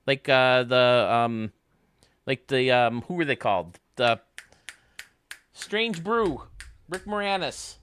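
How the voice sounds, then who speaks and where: A man's voice: mid-range voice, lively intonation, slow, long pauses, a bit bright, a little hiss or hum. A man streaming a baseball game, rambling and joking casually with his chat. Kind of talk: casual chat while playing.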